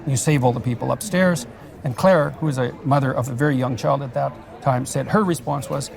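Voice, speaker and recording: A man in a public discussion who lays out thought experiments in a deliberate, measured way. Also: medium pitch, fairly even intonation, gravelly, crowd noise. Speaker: guest on a public talk.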